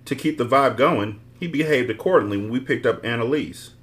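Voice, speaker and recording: A man's voice: medium pitch, a little fast, fairly bright tone, a little hiss or hum. A man hosting a book podcast, reading a novel aloud with blunt, profane asides. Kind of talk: casual book reading with commentary.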